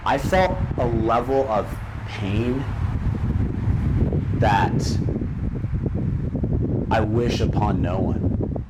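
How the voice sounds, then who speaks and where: A young man giving a personal testimony speech at a live event, earnest and emotional, with dramatic pauses. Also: on the low side. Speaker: speaker at an event. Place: large hall at a live event. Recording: echoey hall with background noise.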